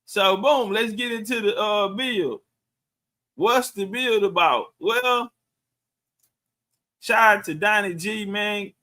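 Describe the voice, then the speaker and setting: High-voiced, slow-talking man. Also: bright, forceful tone. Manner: loose, profane, reading and answering viewer comments. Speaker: livestream host. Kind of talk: casual livestream chat.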